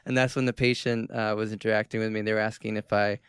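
Guy from boston, smooth voice, chatty storyteller, dry close mic. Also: on the low side, fast, dry recording. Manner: animated storyteller, many fillers. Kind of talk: casual podcast chat.

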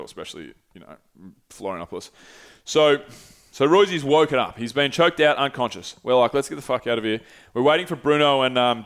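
Animated man telling a story. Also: mid-range voice, clear, resonant tone. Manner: animated, swears freely, acts out quoted voices. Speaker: podcast host. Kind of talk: casual storytelling.

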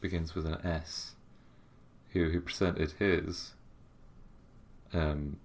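A man's voice: extremely low pitch, steady tone, slow pace. A young man co-hosting a podcast, chatting casually and stumbling and hesitating over his words. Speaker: podcast co-host. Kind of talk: casual chat.

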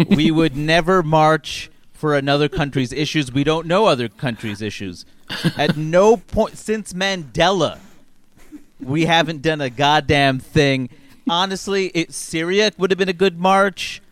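Blunt man with a smooth voice, dry sound. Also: on the high side, fairly bright tone, no echo. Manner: blunt, indignant. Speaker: podcast co-host. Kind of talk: comedy podcast chat.

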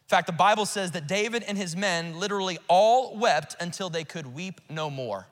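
A male pastor preaching a sermon, swinging between urgent outbursts and hushed, earnest asides. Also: high-pitched, moderate pace, in a large hall. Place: church auditorium.

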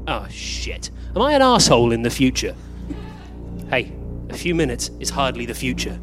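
An actor playing a flustered male time traveller who keeps meeting copies of himself, bickering in quick, confused back-and-forth in a live comedy stage play. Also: mid-range voice, sing-song, over music, lightly acted. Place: theatre stage, recorded live.

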